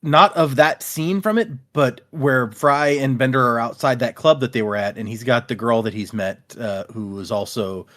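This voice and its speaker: Man, podcast host, casual chat, middle-pitched voice. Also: moderate pace, hardly any pauses, a bit bright. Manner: chatty, reads listener emails aloud.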